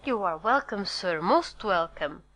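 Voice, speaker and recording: A woman's voice: mid-range voice, animated, fairly bright tone, rough recording. A woman reading as a fawning male innkeeper. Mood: eager. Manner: effusive, apologetic, hurried. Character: fawning middle-aged male innkeeper, eager to please. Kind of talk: audiobook character reading.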